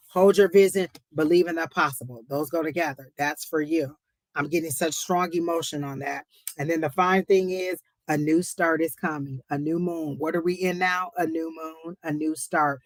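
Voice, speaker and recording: A woman with a lowish voice, captured in a dry recording, runs a live psychic reading stream as its host. Her delivery is emphatic and full of repeated phrases, exclamations to the Lord, and friendly asides to viewers.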